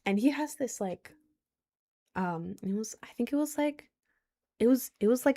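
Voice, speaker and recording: A woman's voice: a little high, lively intonation, moderate pace, pauses often, mellow. A young woman telling a casual storytime, rambling with lots of filler words and apologetic asides.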